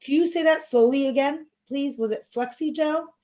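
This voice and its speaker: A woman's voice: high-pitched, moderate pace, mellow, rough recording. A woman moderating an online class, reading audience questions aloud in a chatty way. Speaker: event moderator.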